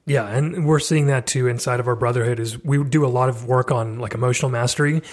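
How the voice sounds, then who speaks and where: A man's voice: medium pitch, fairly even intonation, a little fast. A man hosting a podcast conversation, reflective and conversational, asking open questions. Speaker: podcast host. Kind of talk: casual interview conversation.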